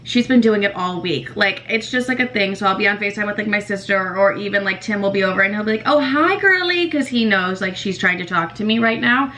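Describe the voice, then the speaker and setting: A young woman in her twenties hosts her own podcast, chatting in a casual, animated, confessional way packed with "like" fillers and swearing. Her mid-range voice is pushed and bright with fairly even intonation, going at a quick pace with hardly any pauses, and the audio is poor.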